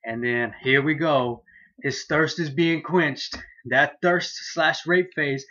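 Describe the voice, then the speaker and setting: A man giving a casual manga chapter review, excitable and profane, laughing as he loosely retells scenes. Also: fairly high pitch, slow pace, highs cut off.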